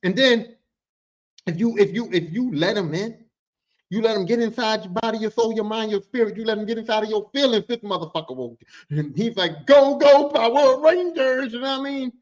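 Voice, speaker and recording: A man's voice: sits high, fairly quick, highs cut off. A man telling rowdy work stories on a podcast, casual and profane, often breaking into quoted voices. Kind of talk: casual storytelling.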